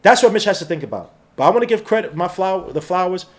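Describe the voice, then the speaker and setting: A man hosting a live sports watch-along podcast, talking in an excitable, slangy fan manner. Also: sits high, fast. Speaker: podcast host.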